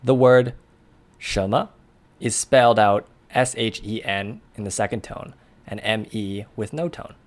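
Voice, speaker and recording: A man co-hosting a language lesson, explaining pronunciation in a clear, methodical way. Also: on the low side, unhurried. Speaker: language podcast co-host.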